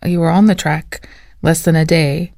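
A news interviewer asking gentle, probing questions. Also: mid-range voice, steady tone, normal speed, creaky, no echo, clean studio sound.

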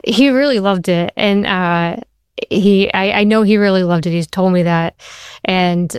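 A woman's voice: medium pitch, measured pace, smooth, no echo, clean studio sound. A woman in her thirties, a television writer, telling stories in an interview and acting out other people's lines. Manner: storytelling, quotes people in shifted voices. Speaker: TV writer and show creator.

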